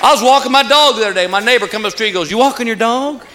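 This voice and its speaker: A man doing a stand-up comedy routine, telling stories and landing punchlines in an animated way. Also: high-pitched, racing. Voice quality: animated storyteller, punchline delivery. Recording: live club, loud audience. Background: crowd laughter.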